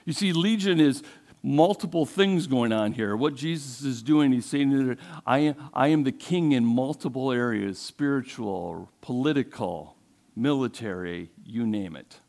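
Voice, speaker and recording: A man's voice: medium pitch, measured pace, gravelly, a little mellow. A male pastor preaching a sermon, retelling a story in a conversational way and asking the congregation questions.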